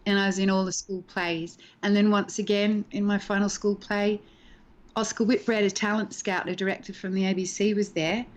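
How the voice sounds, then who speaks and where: Animated storytelling woman. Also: mid-range voice, moderate pace. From Australia. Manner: animated storyteller, acts out quoted voices. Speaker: actress interviewed as guest. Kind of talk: casual chat, storytelling. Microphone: video call.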